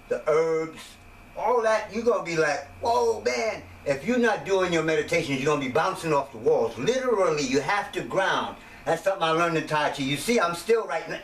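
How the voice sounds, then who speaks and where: A man's voice: on the high side, a bit bright. A man giving a rambling, jokey casual monologue about his wellness system, slipping into voices now and then. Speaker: self-made wellness teacher. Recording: echoey room, mic at a distance, faint noise.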